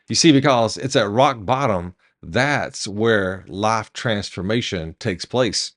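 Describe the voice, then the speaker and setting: A man's voice: lowish voice, slow pace, few pauses, fairly bright tone. A man preaching a devotional sermon in an emphatic, storytelling manner.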